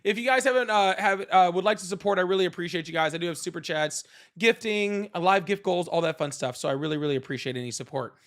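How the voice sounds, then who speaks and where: A man's voice: sits high, quick pace, a bit bright. A man hosting a live call-in debate stream, ranting casually in a sarcastic, mocking way and swearing freely. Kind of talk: casual livestream rant.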